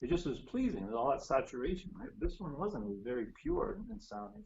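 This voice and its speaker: A man's voice: fairly high pitch, wildly swooping pitch, a little fast, creaky, few pauses, darkish tone, muffled recording. A man in casual chat, explaining old music gear in a chatty way with restarts, heard over a call. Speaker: guest musician. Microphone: phone or video call.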